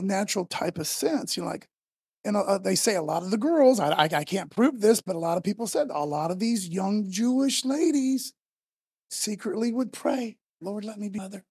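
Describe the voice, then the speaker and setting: Gravelly, husky-voiced man preaching a casual sermon. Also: sits high, no room sound, studio quality. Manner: conversational, emphatic, voice rising to shouts when quoting Moses.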